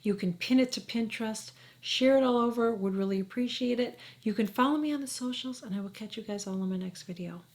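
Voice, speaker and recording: A woman's voice: a little high, fairly quick, few pauses, background noise. A woman in her forties, a beauty vlogger talking casually to camera in a chatty, reassuring way, sometimes dropping to a whisper. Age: 40s.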